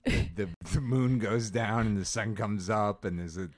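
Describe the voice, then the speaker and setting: A man's voice: fairly low pitch, moderate pace, dry recording. A man hosting a podcast in casual chat, making dry, sardonic asides. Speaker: podcast host.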